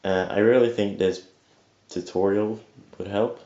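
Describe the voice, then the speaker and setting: A man's voice: fairly low pitch, fairly even intonation, a little slow, warm tone. A young man who says he just woke up, giving a rambling, casual tutorial on harsh singing, full of fillers and restarts, with some swearing. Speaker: vocal tutor. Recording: echoey lo-fi home webcam audio.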